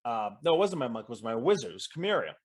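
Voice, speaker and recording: Lively storyteller guest, male, animated and expressive delivery. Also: medium pitch, rapid-fire. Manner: lively storyteller, acts out quoted voices, trails off mid-sentence. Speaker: guest author in audience Q&A. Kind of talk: animated storytelling in casual chat.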